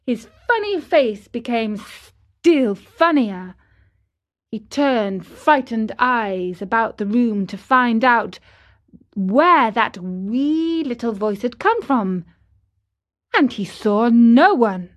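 A woman narrating a classic children's tale in a gentle, unhurried manner. Her voice sits fairly high and light, and she takes her time over every phrase. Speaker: storyteller. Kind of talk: scripted storybook narration.

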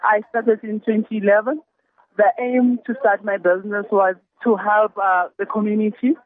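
A woman calling in to pitch her beauty business, hesitant and full of fillers. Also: flat delivery, normal speed. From South Africa. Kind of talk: live phone-in pitch. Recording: tinny phone line, very dry.

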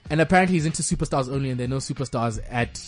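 A man's voice: medium pitch, racing, over music. A young man from Zimbabwe co-hosting casual sports chat on radio, joking and laughing through football news. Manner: joking, laughs often, tangents into banter. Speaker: co-host. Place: radio studio.

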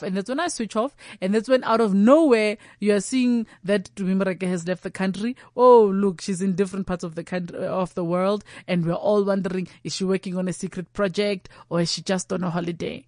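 A woman's voice: mid-range voice, a little fast, hardly any pauses, a little mellow, no room sound, clean studio sound. A woman comedian talking candidly and animatedly. She often slips into quoted voices and imagined dialogue, and restarts her sentences as she goes. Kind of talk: candid conversational chat.

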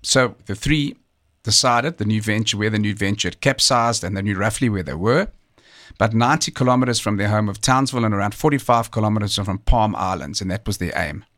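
A man with a fairly low voice narrates a true story documentary-style. He talks in a measured, conversational way, now and then pausing on a filler or restarting a phrase. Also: fairly bright tone. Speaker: storyteller recounting a true survival tale. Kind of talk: documentary narration, partly off the cuff.

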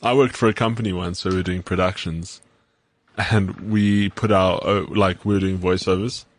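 A man's voice: low-pitched, steady tone, moderate pace, no echo. A South African man co-hosting a podcast, chatting in an easygoing, agreeable way. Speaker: podcast co-host. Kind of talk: casual chat.

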